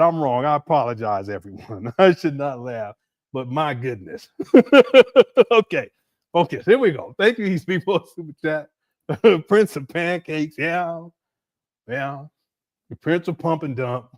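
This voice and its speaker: A man hosting a livestream talks casually and keeps laughing as he goes through viewer messages. His voice ranges widely, dropping to low mutters and rising to high exclamations. The sound is close and dry.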